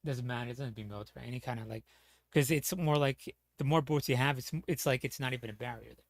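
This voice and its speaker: Man, gravelly voice, dry close sound, rambling commentary, fillers and swearing. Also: mid-range voice, fast talker, no echo. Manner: rambling, lots of fillers and restarts; swears casually. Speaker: streamer.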